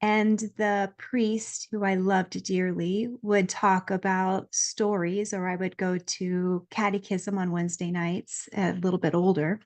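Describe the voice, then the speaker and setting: A woman's voice: medium pitch, measured pace, hardly any pauses. Earnest woman telling a personal story. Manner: earnest, lively, acts out quoted voices. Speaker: guest.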